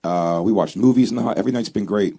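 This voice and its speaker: A man co-hosting a podcast, telling animated anecdotes in casual banter. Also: fairly low pitch, fast talker, creaky. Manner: animated anecdotes with put-on quoted voices. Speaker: podcast co-host.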